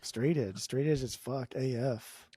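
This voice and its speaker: A man, co-hosting a casual podcast chat, loose and swearing, quick to laugh. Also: medium pitch, dark tone, slightly rough, no echo, studio quality. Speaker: podcast co-host.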